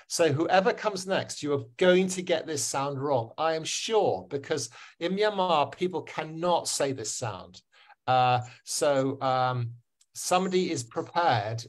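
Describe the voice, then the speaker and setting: A man teaching pronunciation in an online webinar, encouraging and repeating sounds slowly for learners. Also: a little high. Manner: encouraging, drills words slowly and repeats them. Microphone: video call.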